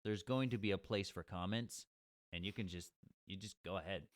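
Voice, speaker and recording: A man co-hosting a comedic podcast, reading listener comments aloud in a sardonic, deadpan way. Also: deep voice, a little fast, no echo, clean studio sound. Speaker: podcast co-host.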